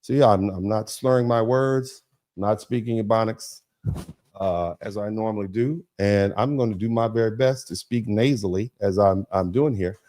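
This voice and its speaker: Middle-aged male stream host, low mellow voice, emphatic and repetitive, sarcastic. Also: normal speed. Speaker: host of a commentary broadcast. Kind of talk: livestream commentary.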